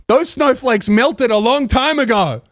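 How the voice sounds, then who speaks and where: A man's voice: extremely high pitch, a bit bright, no room sound. A young man hosting a podcast, ranting in a sarcastic, mocking, profane comedic monologue into a close mic. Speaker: podcast host.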